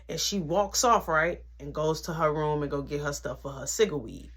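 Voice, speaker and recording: A woman's voice: sits low, normal speed, husky. A woman vlogger retelling a family story in slangy casual speech, acting out the people in it. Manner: slangy, animated, acts out quotes.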